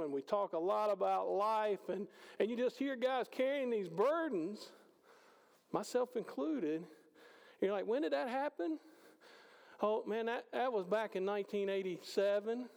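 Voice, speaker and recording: Male preacher, high and gravelly, conversational sermon, long hall echo. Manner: conversational preaching, swings between loud and hushed. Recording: hall reverb.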